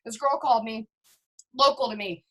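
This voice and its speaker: This network marketing team leader rallies her team through a video call, her bright, high-pitched voice going at normal speed. Hyped and emphatic, she keeps turning to address listeners directly in an all-in motivational talk, captured on a rough recording.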